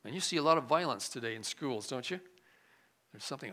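A male pastor preaching a sermon, swinging from loud emphatic lines to quiet, low asides. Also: animated, fast.

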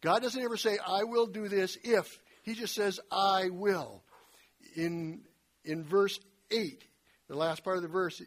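Husky man preaching a folksy sermon. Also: sits high, measured pace. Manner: conversational, animated retelling with folksy asides.

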